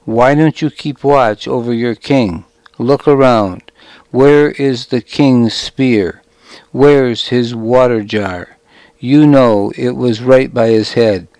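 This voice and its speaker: A man's voice: medium pitch, slow pace, darkish tone, no room sound, low-quality recording. A man doing David, a commanding young warrior. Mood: harsh. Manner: firm, sometimes harsh. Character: young male warrior leader, commanding and earnest.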